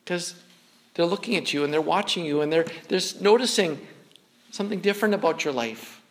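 A man with a notably high speaking voice delivers a sermon from the pulpit. He preaches in an earnest, conversational manner, often doubling back on words mid-sentence. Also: expressive, a little fast. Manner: earnest, conversational preaching with frequent word repeats. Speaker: pastor.

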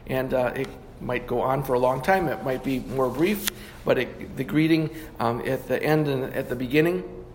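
A man's voice: medium pitch, fairly even intonation, moderate pace, a little hiss or hum. A man preaching a sermon, teaching through scripture and often stopping to correct himself. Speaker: pastor.

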